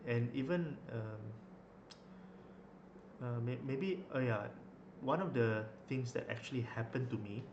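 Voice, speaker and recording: Young man, mid-pitched, chatty and rambling, roomy recording. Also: muffled recording. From Malaysia. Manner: rambling, with many fillers and restarts. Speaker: vlogger. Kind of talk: casual storytelling. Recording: echoey room, faint noise.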